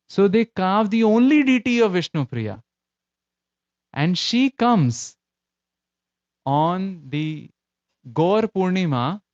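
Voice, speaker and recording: A man's voice: a little high, darkish tone, dry recording, lo-fi sound. A man with an Indian English accent giving a storytelling sermon, acting out quoted voices as he goes. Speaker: lecturer in a devotional class.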